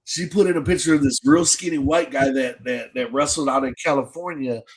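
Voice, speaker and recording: A man's voice: medium pitch, fairly quick, slight background noise, low-quality recording. A man hosting a podcast and telling a long, casual story in slangy, profane speech, with many restarts. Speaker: podcast host.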